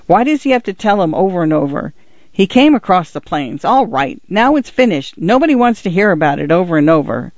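A man's voice: fairly high pitch, no room sound, lo-fi sound, lightly acted. A man voicing a short-tempered rancher father who speaks curtly in a storybook reading. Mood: irritated. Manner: curt, quick to anger. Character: irritable middle-aged male rancher father.

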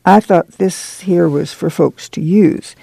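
Storybook farm mother, practical and proud, gravelly drawl, read by a man. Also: high-pitched, warm tone, dry recording, exaggerated voice. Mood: abashed. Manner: rural drawl, brisk commands. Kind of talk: audiobook reading.

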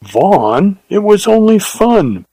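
A male narrator putting on a proud, spirited young woman in a western tale, her voice lifted well above his own and lilting. She sounds imperious and teasing by turns. The tone stays warm and mellow, recorded close and dry. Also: high-pitched, very animated, slow pace, husky, dry recording, pitched above the performer's own voice, exaggerated voice, low-quality recording. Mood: earnest. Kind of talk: audiobook character reading.

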